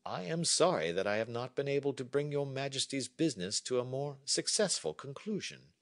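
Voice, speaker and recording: A man's voice: medium pitch, sing-song, brisk, pitched above the performer's own voice. Storybook detective, reserved and cold, formal in speech, voiced by a man. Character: cool, reserved male detective. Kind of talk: storybook reading for learners.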